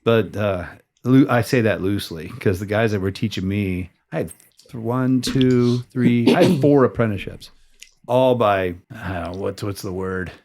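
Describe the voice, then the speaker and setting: A man's voice: lowish voice, moderate pace, a little mellow. An American man hosting a casual interview, talking in a loose, rambling way with many restarts and the odd curse word. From United States. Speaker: podcast host. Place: tattoo shop area in San Diego.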